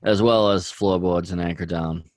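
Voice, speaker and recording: Very deep-voiced man rambling casually. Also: fairly even intonation, normal speed, no room sound. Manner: rambling, heavy use of "like" and "dude". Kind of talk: casual chat about music.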